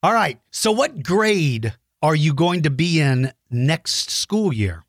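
A woman's voice: deep voice, sing-song, takes it slowly, no room sound, clean studio sound. A woman hosting a playful chat with a child over a video call, joking and teasing with silly sound effects. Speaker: host.

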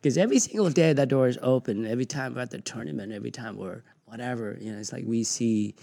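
A middle-aged man hosting a podcast, telling stories in an animated way, swearing freely and laughing along. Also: medium pitch, fast, creaky. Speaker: podcast host and gym owner. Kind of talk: casual storytelling.

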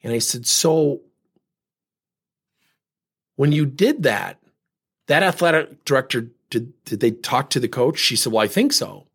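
A man hosting a podcast, telling a personal story and acting out the dialogue in an animated way. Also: medium pitch, measured pace, creaky, pauses often, husky. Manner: animated, acts out quoted dialogue. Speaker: podcast host.

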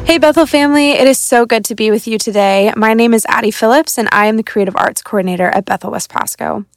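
Young woman reading a church devotional, earnest and reflective, gravelly tone, dry close sound. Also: on the high side, fast, dry recording, soft background music. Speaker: church creative arts coordinator.

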